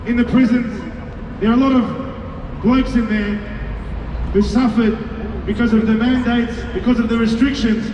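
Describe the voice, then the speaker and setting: A man's voice: very high-pitched, little pitch movement, moderate pace, long pauses. A man speaking to an outdoor city rally, wry and defiant, with jokes and asides. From Australia. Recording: echoey, far-off, dull outdoor audio with crowd and noise.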